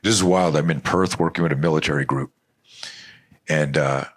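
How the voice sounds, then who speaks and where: A middle-aged man telling animated stories as a guest in an interview, rambling and restarting often. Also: a bass voice, normal speed, breathy edge. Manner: animated, rambling storyteller with frequent restarts and profanity. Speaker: self-defense expert guest. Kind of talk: storytelling interview talk.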